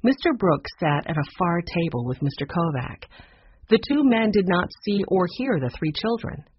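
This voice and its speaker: A man narrating a children's chapter book aloud with expressive, even storytelling. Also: high voice, normal speed, slight background noise. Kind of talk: audiobook narration. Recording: dull muffled recording.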